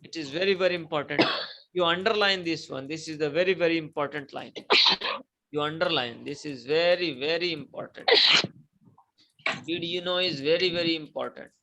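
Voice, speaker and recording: Man, teacher, classroom lecture, emphatic and repetitive, bright tone. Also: on the high side, normal speed, rough recording. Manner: repetitive, emphatic, prompts students to repeat.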